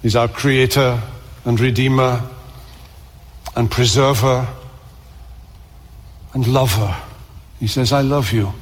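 A man preaching a sermon, earnest, repeating phrases for emphasis and slowing down on key lines. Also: mid-range voice, fairly even intonation. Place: church. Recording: long reverb of a church hall.

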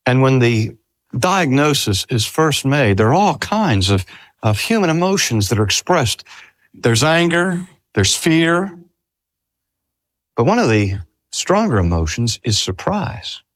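An older man, a pastor, preaching a sermon in a slow, measured way. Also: mid-range voice, no echo. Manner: slow, measured delivery with lively rises and falls.

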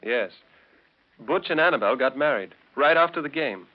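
A young actor playing an earnest young college graduate and fiancé in a 1940s radio drama, speaking mildly and hesitantly. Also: male voice, mid-range voice, lively intonation, normal speed, natural voice. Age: young adult. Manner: mild, hesitant. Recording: dull old radio recording.

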